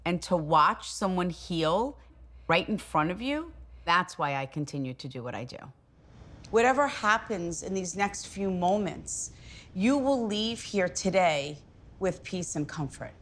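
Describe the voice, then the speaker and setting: A woman's voice: on the low side, animated, measured pace, a bit bright. A middle-aged woman, a psychic medium addressing a live audience in a chatty, emphatic way. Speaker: psychic medium leading a group reading.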